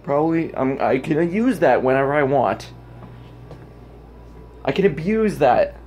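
A man with a sing-song, unhurried voice rambles through a vlog rant while holding his phone camera. He keeps breaking into loud, squeaky voices when quoting people.

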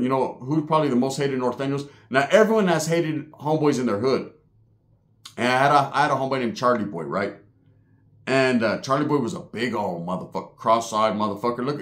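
Guy w the sniffles, slangy storytelling, curses a lot, does the voices. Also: medium pitch. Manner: street slang, swears often, acts out quoted voices. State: has the sniffles. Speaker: channel host. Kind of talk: casual storytelling monologue.

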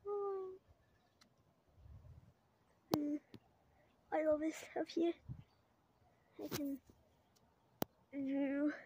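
Giggly high-voiced girl vlogging outdoors. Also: drawn-out words, pauses often, noisy background. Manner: giggly, rambling, many fillers, mostly quiet; tries a mock British-Australian accent. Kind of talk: casual rambling vlog. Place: outdoors, high up while climbing.

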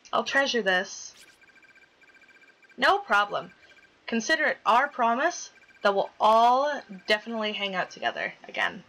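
A woman's voice: a little high, sharp tone, low-quality recording. A young woman playing a game and reading its dialogue aloud, chatty and dramatic, swearing casually as she reacts. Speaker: gaming YouTuber.

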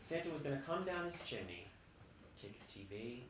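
A man's voice: medium pitch, sing-song, fairly quick. A man performing a comic stage monologue in a theater, sardonic and full of character voices. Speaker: stage actor in a one-man show. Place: theater stage with live audience. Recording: roomy theater sound with noise.

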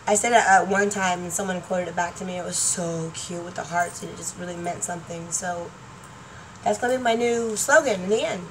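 A middle-aged woman rambles excitedly through a casual home vlog, laughing between thoughts. She sits back from a laptop mic, so her voice sounds somewhat distant, with a faint hum of room noise underneath. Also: fairly low pitch, a little fast. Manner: chatty, excitable, laughing often, trailing off. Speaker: YouTuber. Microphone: laptop webcam mic.

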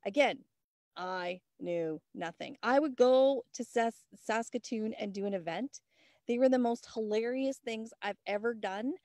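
Canadian woman, guest speaker, high voice, dry laptop sound, acts out every line of the story. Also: normal speed, no echo. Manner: animated, acts out quoted voices. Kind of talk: storytelling on a group call. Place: outdoors on a mountain. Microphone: laptop on a hotspot.

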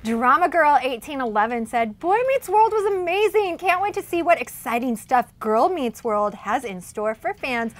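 A woman's voice: on the high side, animated, moderate pace, hardly any pauses. A woman co-hosting an entertainment chat show, playful and jokey. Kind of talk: playful pop culture chat.

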